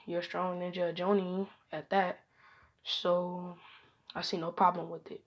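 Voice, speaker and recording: A woman voicing a stern, protective older male clan head who is gruff and teasing in a fan story. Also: lowish voice, level tone, a little slow, highs cut off.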